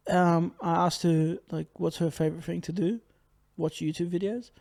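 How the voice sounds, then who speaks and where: A man's voice: on the high side, fairly even intonation, moderate pace, vocal fry, a little mellow. A young man co-hosting a podcast, telling rambling stories in a casual chat and laughing as he goes. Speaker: podcast co-host.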